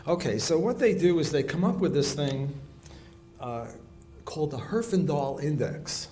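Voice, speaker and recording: Male economics lecturer, soft weak voice, a touch high; halting, rephrasing delivery, moving around the room with a pocket mic. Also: expressive. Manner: halting, often restarts and rephrases mid-sentence; walks around the room while talking. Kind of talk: classroom lecture. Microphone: recorder clipped on, kept in pocket.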